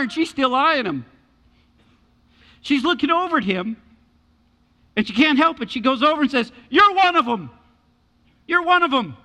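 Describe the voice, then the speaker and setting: A man preaching a sermon as pastor, animated and repeating his key words for emphasis. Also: extremely high pitch, in a large hall.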